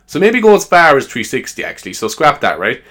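A man's voice: medium pitch, wildly swooping pitch, brisk, sharp tone. A man talks alone in a loose, rambling chat. He is self-amused and leans on fillers as he goes. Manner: chatty, self-amused, lots of fillers and laughs. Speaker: podcaster.

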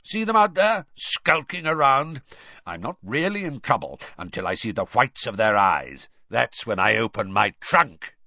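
A man voicing a gruff, blunt old male wizard teacher who growls his words. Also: on the low side, very animated, moderate pace, hardly any pauses, bright, forceful tone, dry recording, highs cut off, heavily acted.

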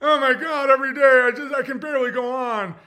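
A man's voice: very high-pitched, fairly even intonation, fast, sharp tone, voice pushed up. A man putting on the voice of a self-pitying, whiny grown man who moans that he cannot go on. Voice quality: whiny, overwrought.

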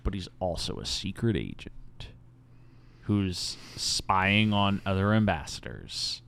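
Male podcast co-host, lower voice, lively movie-recap chatter. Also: slow, gravelly, slight background noise. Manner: animated storytelling, acts out quoted lines with silly voices; laughs often. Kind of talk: casual chat.

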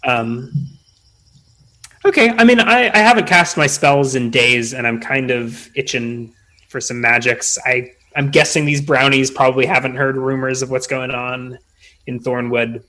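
A man plays a tabletop game in a casual, hesitant way, filling his talk with likes and restarts. His voice sits at an ordinary middle pitch. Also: unhurried, pushed and bright. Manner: hesitant, many fillers and restarts. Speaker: player.

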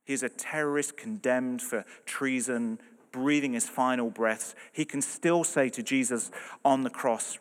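A man preaching a sermon, earnest and emphatic, moving between loud and soft delivery. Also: mid-range voice, normal speed. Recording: long hall reverb.

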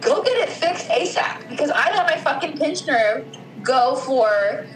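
A woman's voice: high voice, expressive, measured pace, reverberant, faint music behind, low-quality recording. A woman co-hosting a casual podcast chat, blunt and swearing freely. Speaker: co-host.

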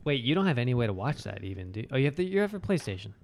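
A man's voice: medium pitch, big pitch swings, racing, creaky, a little hiss or hum. A man with a New York accent, co-hosting a podcast in casual chat and laughing often. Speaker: podcast co-host.

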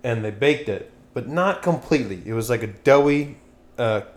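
A man hosting a loose, casual podcast, talking in a mid-pitched voice that sits right in the usual range for a man. He rambles from story to story and swears a lot, and he stays excitable the whole way through. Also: moderate pace. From Pennsylvania, USA. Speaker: podcast host.

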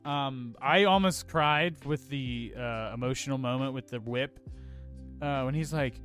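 A man co-hosting a casual film review chat, animated and swearing freely. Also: a little slow, faint music behind. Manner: animated, swears freely, acts out scenes in high voices. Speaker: podcast co-host.

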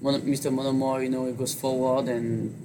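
A man with a French accent, a jockey, talking in an interview with a halting manner full of fillers. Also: medium pitch, flat delivery, noisy background. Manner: halting, filler-heavy speech with many "you know"s. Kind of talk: interview on horse racing.

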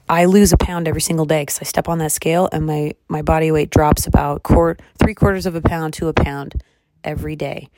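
A woman in her thirties hosting a podcast, chatting candidly and excitably, tired and hungry, swearing freely. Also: sits low, dry recording, studio quality. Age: 30s. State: tired and calorie deprived. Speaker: podcast host. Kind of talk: casual personal chat. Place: car or bed at home.

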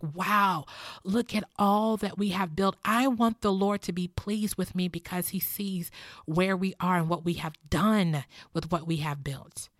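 A woman's voice: on the low side, fairly bright tone, dry recording, studio quality. A middle-aged woman teaching about faith and money in an earnest, heartfelt, personal way, moving between teaching and prayer. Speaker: Christian teacher.

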